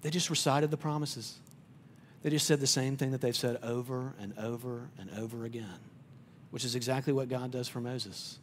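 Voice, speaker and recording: A male pastor preaching a sermon in a conversational way. He often repeats words as he starts sentences, and he drops to a quiet, soft voice on tender points. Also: medium pitch, fairly even intonation, moderate pace, slight background noise.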